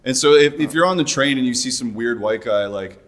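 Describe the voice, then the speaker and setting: A man's voice: mid-range voice, a little fast. A man co-hosting a podcast, chatting casually with a wry, joking tone. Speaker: podcast co-host. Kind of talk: casual comedic chat.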